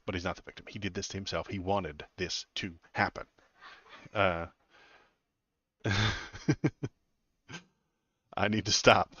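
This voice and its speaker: A man with a very deep voice gives live political commentary, sardonic and halting, full of fillers and repeated words. The sound is dry and close with no room. His mic is a little dull and lo-fi. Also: fairly even intonation, pushed and bright, dry recording. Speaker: political streamer.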